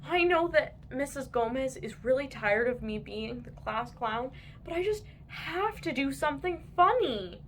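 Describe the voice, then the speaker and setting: A woman voicing a restless young boy confiding quietly in a children's story. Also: high-pitched, expressive, a little slow, few pauses, slight background noise.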